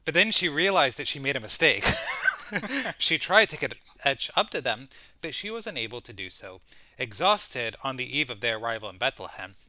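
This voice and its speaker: A man's voice: medium pitch, big pitch swings, normal speed, bright, forceful tone. A man co-hosting a podcast in casual chat, joking and sarcastic, sometimes reading from his notes. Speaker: podcast co-host.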